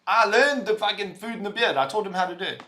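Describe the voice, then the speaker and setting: Loud, laughing bright-voiced man. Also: high-pitched, animated, fast talker. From visitor to the UK. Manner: loud, laughing, swearing, rambling. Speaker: livestream host reading chat. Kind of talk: casual livestream chat.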